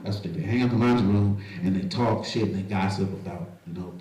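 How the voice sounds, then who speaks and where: A man's voice: low-pitched, fast, warm tone. A male stand-up comedian on a club stage, telling loose, profane stories with plenty of animation. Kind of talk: stand-up storytelling. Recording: echoey club, mic far off, crowd.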